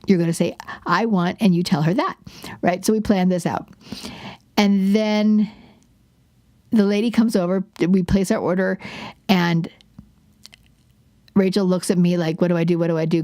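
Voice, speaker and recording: A woman's voice: lowish voice, a little mellow, no echo, studio quality. A woman in her forties hosting a parenting podcast, talking in a chatty, self-deprecating way with frequent restarts. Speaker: podcast host. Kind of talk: casual parenting podcast talk.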